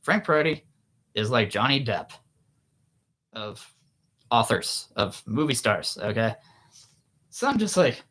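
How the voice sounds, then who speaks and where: A man, an author, telling a story in a casual, animated way with laughs. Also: medium pitch, unhurried, long pauses. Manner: animated, with many restarts and laughs. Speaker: author and vlogger.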